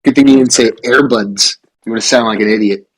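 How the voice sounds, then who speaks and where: A man's voice: medium pitch, brisk, a bit bright, slightly rough, rough recording. A man co-hosting a casual podcast chat, tossing out dry, sarcastic remarks. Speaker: podcast co-host.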